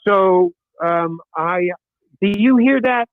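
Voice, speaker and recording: Man, actor guest, animated storyteller, voices the people in his tale, dry tinny phone line. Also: high voice, takes it slowly, no room sound. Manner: swears casually. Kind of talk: anecdotal storytelling.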